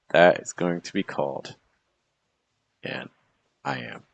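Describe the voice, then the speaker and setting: Male poetry teacher, deep voice, relaxed explainer who keeps checking in and sounds out beats. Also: a little slow, creaky, long pauses. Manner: chatty, checks in with "okay" and "right"; taps out rhythm with "da da" syllables. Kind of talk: casual explanatory lesson.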